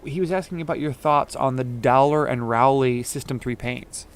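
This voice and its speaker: A man co-hosting a live painting lesson in a studio, relaying viewer questions in a loose, halting way. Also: medium pitch, clean tone. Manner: loose and halting, with many restarts. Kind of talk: casual live-stream chat.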